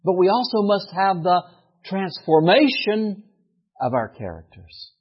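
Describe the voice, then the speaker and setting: A man preaching a sermon with animated delivery that rises to emphatic peaks. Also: high-pitched, a little slow, breathy edge, lo-fi sound. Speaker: pastor.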